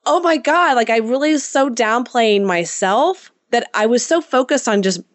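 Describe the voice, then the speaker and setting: A woman guest and entrepreneur telling a story in a casual interview, chatty and animated with frequent restarts. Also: on the high side, moderate pace, no echo. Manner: animated, chatty, many restarts and "you know".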